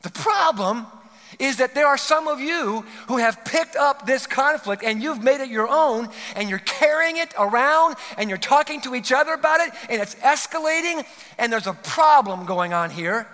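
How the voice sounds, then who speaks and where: A male pastor preaches in a large church hall, earnest and pleading, pressing his points with rising emphasis. His very high voice is animated and sharp, at a normal speed, and the recording carries long hall reverb.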